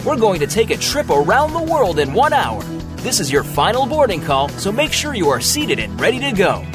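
Male announcer, high lively delivery, scripted intro read over music. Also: normal speed. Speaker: show announcer.

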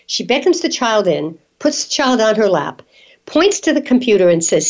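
A woman hosting a radio interview, introducing her guest and responding with lively enthusiasm. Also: mid-range voice, normal speed. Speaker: radio show host. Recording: dull lo-fi sound.

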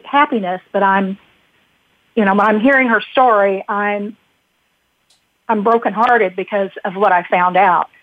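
A woman, a guest and birth mother, telling a personal story in a halting way, with frequent restarts. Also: medium pitch, no echo. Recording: dry tinny phone-like line.

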